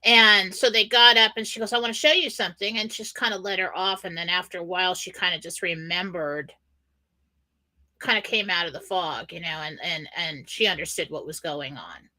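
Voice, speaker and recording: A woman's voice: lowish voice, moderate pace, bright, forceful tone. A woman on a live show giving psychic readings in a chatty, loose way. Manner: chatty, lots of fillers and restarts. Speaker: psychic reader. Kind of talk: casual live show chat.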